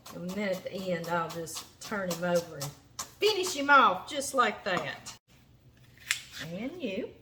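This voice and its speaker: A Southern woman with a Louisiana drawl walks viewers through her kitchen prep, chatty and folksy. She talks slowly and easily, at a middling pitch. Chopping and clatter come through clearly behind her voice. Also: expressive, noisy background. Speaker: cooking show host. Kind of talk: cooking demonstration. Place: home kitchen.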